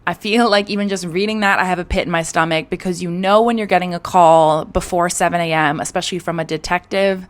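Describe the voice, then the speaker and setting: A young woman hosts a true crime channel and walks through the case in a relaxed, conversational way. She fills her sentences with "like" and "you know." Her voice sits a little low for a woman. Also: fast talker, hardly any pauses. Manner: chatty, full of "like" and "you know". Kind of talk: casual true crime storytelling.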